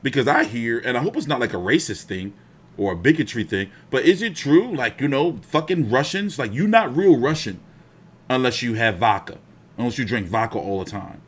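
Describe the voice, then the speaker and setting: A man's voice: medium pitch, normal speed, breathy edge. A young man hosting a boxing live stream, telling stories in casual, profane slang. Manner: profane, animated storytelling with slang.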